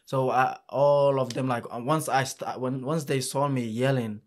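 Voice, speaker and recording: A man who runs a youth soccer camp, telling stories in a casual interview, animated and halting with frequent restarts. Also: medium pitch.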